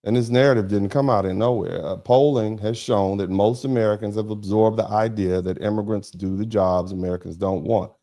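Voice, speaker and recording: Low, mellow-voiced man hosting commentary. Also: steady tone, brisk, few pauses. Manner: emphatic, preachy, repetitive. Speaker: host of a commentary broadcast. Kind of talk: political commentary livestream.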